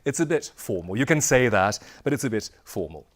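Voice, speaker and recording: A man's voice: fairly low pitch, sing-song, brisk. Playful man teaching a language class. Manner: playful, repeats himself, laughs often; drills words for the class to repeat. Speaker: Dutch language instructor. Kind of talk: lively classroom presentation.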